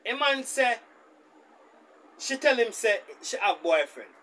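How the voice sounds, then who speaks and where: A man with a Jamaican accent hosting a reaction video, telling a story in an animated manner. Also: extremely high pitch, takes it slowly, low-quality recording. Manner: animated, speaks in Jamaican Patois. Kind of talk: storytelling commentary.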